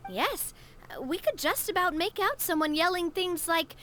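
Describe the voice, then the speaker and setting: A woman's voice: extremely high pitch, lively intonation, a little slow, fairly bright tone, soft background music, heavily acted. A woman voicing a cheerful, sociable young woman in a video game, friendly and bubbly in manner. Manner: bubbly, friendly, calls others partner.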